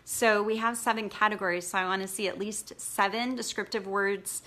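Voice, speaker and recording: A woman's voice: medium pitch, steady tone, moderate pace, pushed and bright, a little hiss or hum. A woman blogging coach giving a casual, encouraging live training, chatty and full of fillers.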